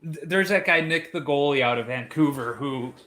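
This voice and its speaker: A man's voice: fairly high pitch, normal speed, a crowd in the background. Man in his forties telling stories. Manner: relaxed storyteller, acts out quoted voices. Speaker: podcast host. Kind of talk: casual chat.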